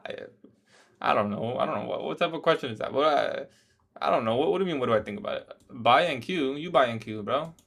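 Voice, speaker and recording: Young male streamer, laid-back and conversational, reads chat aloud, mid-pitch everyday voice. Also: lively intonation, fairly quick, creaky, fairly bright tone. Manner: casual, says "bro" often, laughs at odd questions. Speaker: day trader livestreaming. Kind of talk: casual livestream chat reading viewer questions.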